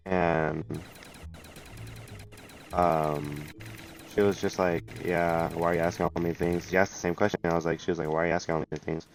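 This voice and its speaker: A man's voice: low voice, flat delivery, fairly quick, long pauses, faint music behind. A young man casually telling a storytime story, rambling with lots of restarts and slang. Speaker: storytime vlogger.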